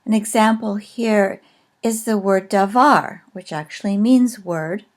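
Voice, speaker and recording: A woman teaching a recorded lesson, explaining slowly and carefully with frequent pauses. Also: medium pitch. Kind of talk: recorded lecture on a language.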